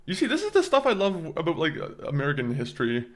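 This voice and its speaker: A man's voice: a little high, wildly swooping pitch, fast talker. A man streaming a game, chatting casually with his viewers, rambling and laughing and often tripping over his words. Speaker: gaming streamer.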